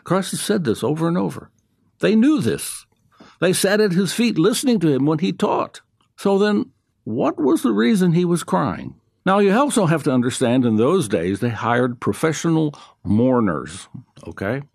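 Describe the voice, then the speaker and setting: Lively, higher-voiced man teaching the Bible. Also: moderate pace, gravelly, dry recording, studio quality. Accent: South African. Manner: conversational, rhetorical questions, emphatic repetition.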